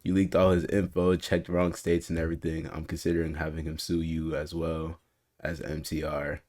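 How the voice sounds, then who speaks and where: A man's voice: a bass voice, monotone, moderate pace, a little mellow. A man reacting to videos on a stream, reading messages aloud with frequent laughs and swearing. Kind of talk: casual reaction commentary.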